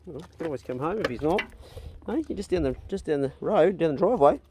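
A man's voice: on the high side, expressive, fast, noisy background. A man chatting easygoingly while walking outdoors on rural farmland, filming on a handheld camera. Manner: chatty, easygoing, talks warmly to dogs. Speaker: vlogger, dog owner. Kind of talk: casual walk-and-talk vlog.

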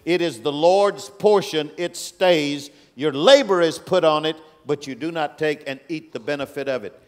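A man delivers a sermon in a large auditorium, his voice sitting a little high for a man. He swings from booming, stretched-out proclamations to hushed, grave rebukes. Long reverb hangs after each phrase in the big hall. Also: normal speed. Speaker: guest preacher.

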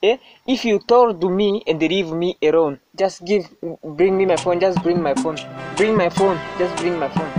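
Brief: comedian, man, high voice, hectoring and accusing, faint music underneath. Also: normal speed. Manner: accusing, repeatedly demanding why. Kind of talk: comedy skit.

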